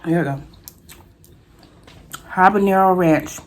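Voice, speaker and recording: A woman's voice: fairly low pitch, slow pace. A woman hosting a mukbang food vlog, chatting casually to her viewers as she eats. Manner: chatty, addresses viewers as y'all, eats between words. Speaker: food vlogger.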